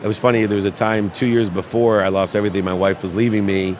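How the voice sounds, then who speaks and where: Animated storytelling man outdoors. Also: fairly low pitch, fast talker. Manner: animated, acts out voices in his stories. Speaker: podcast guest. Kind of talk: emotional storytelling.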